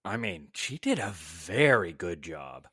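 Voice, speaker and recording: Deep, lively-pitched man with wry remarks. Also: unhurried, slightly rough, dry recording, clean studio sound. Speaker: podcast co-host. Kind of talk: casual chat.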